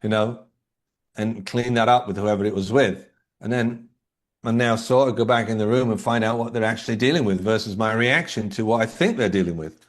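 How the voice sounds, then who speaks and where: A man's voice: on the low side, a little fast. A man talking as a leadership coach and guest in an interview, explaining his ideas through anecdotes and rhetorical questions. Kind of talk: conversational interview answers.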